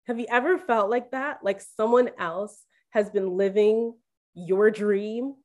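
A woman speaking to listeners about her faith, telling a candid personal story in an animated, confiding way. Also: mid-range voice, slow pace. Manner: animated, confiding, acts out quoted voices; addresses listeners directly as "guys".

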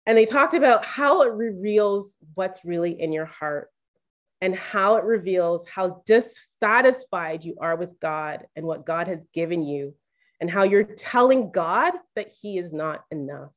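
A woman's voice: lowish voice, measured pace. Woman confiding a personal faith story. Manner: animated, confiding, acts out quoted voices; addresses listeners directly as "guys". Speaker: faith speaker.

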